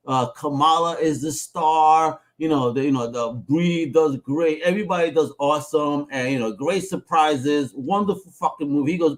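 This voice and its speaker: A man co-hosting a casual podcast chat, brash and excitable, swearing freely and swinging between loud bursts and low mutters. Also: normal speed, few pauses. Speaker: podcast co-host.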